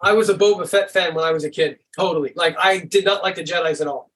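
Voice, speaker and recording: A man with a notably high speaking voice talks as a podcast guest. He rambles in a relaxed, easygoing way and keeps padding his sentences with "and stuff." He sounds middle-aged and unhurried. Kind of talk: casual conversation.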